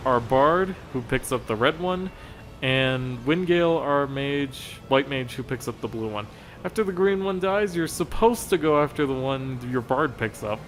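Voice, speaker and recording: A man commentating over gameplay footage, explaining a raid strategy in a chatty, rambling way and laughing at his own slip-ups. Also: mid-range voice.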